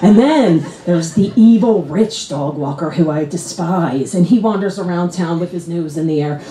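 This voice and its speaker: A woman's voice: normal speed, echoey room, a little hiss or hum, poor audio. A woman performing a stand-up comedy set on a club stage, acting out the people in her stories with big jumps in her voice. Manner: animated, acts out characters with big pitch jumps.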